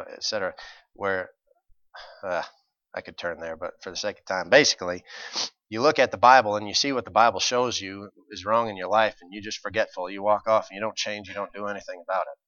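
Delivering a sermon, a man with a deep voice speaks briskly, shifting from quiet, chatty asides to loud, forceful points voiced with mocking impressions. The recording is dry with no echo, though the audio sounds dull.

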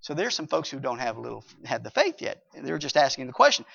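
Animated male preacher, lo-fi recording. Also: mid-range voice, quick pace, vocal fry. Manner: emphatic, swings between loud and hushed; reads scripture aloud. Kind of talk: sermon. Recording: dull lo-fi recording.

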